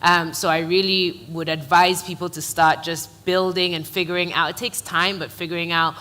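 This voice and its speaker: Woman on a conference panel giving steady advice, kinda low voice, echoey hall. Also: normal speed. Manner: earnest, advising, steady.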